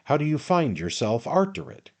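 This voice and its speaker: A brash manservant who talks in emphatic, commanding bursts, as a male narrator puts him on. His voice sits higher than the reader's own. He argues his point with bossy certainty in an audiobook. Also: sing-song, normal speed, vocal fry. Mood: brisk, emphatic.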